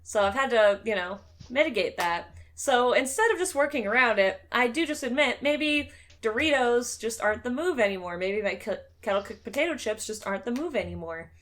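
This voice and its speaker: Chatty woman host for a casual talk show, slightly high, bright, joking tone. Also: lively intonation, a little fast. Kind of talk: casual podcast chat.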